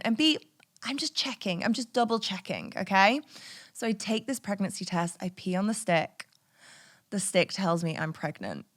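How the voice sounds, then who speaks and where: A woman in her thirties, hosting a podcast and telling a personal story in a candid, animated way, swearing freely and laughing as she goes. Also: medium pitch. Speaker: podcast host.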